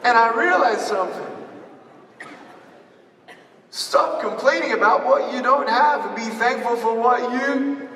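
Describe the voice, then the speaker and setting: Motivational speaker, male, high bright voice, lively crowd-quizzing delivery, distant echoey hall recording. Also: measured pace, long pauses. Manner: animated, addresses the audience with call-and-response questions. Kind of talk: live motivational speech. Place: large hall with an audience.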